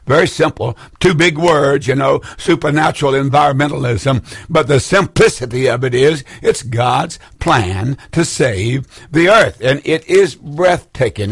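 A man's voice: mid-range voice, husky, no room sound. An older man preaching a broadcast sermon from a studio, fervent and rambling, repeating his points for emphasis. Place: indoor studio room.

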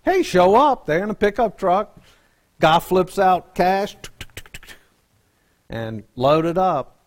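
A man's voice: sits high, expressive, slow pace. A man, a pastor telling a joking, folksy story in a sermon.

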